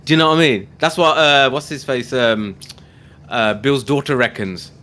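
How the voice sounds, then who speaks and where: A man's voice: mid-range voice, bright, forceful tone. Chatty man. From England, near Birmingham. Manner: chatty storyteller, self-mocking, quick to joke. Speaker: podcast host. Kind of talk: casual livestream chat.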